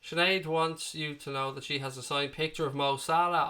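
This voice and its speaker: Chatty Irish man, bright voice. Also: on the high side, steady tone, normal speed. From Ireland. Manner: chatty, matey, answers chat questions one by one. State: recovering from being sick. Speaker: football watchalong host. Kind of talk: casual live-stream chat reading viewer comments.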